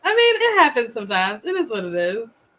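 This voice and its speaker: A woman hosting a casual livestream, chatty and quick to laugh as she greets viewers. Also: a little high, huge pitch swings, fairly bright tone, poor audio. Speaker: livestream host.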